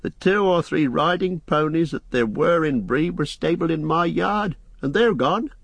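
A man voicing a fussy, frightened older innkeeper in an audiobook, with a high, flustered, wailing delivery. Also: a little slow, gravelly, slightly rough, no echo, heavily acted. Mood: unhappy. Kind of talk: audiobook character voice.

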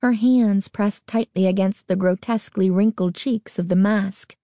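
A woman narrating a children's horror novel in a measured, deliberate reading. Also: mid-range voice, fairly even intonation, mellow, no room sound, clean studio sound. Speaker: audiobook narrator. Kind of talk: scripted narration.

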